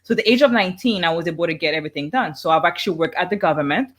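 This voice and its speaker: A woman's voice: lowish voice, expressive, racing. A woman in her thirties from Canada, talking as an entrepreneur guest on a video call, enthusiastic and keeps asking "right?".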